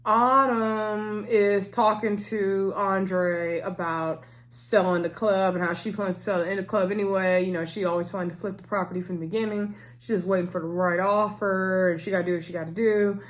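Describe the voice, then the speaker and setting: A woman's voice: mid-range voice, steady tone, normal speed, few pauses. A woman giving a casual, rambling recap of a TV episode. She fills her talk with "so anyway" and "um" and speaks to her viewers in a familiar way. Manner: rambling, loose, full of fillers like "so anyway" and "um"; chatty and familiar, addressing viewers directly. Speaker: TV episode reviewer.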